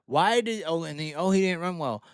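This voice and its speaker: Male host, fired-up profane racing rant, smooth clear voice, dry close sound. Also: a little high, normal speed, no echo. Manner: heated, swearing, mocking. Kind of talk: profane opinion rant on livestream.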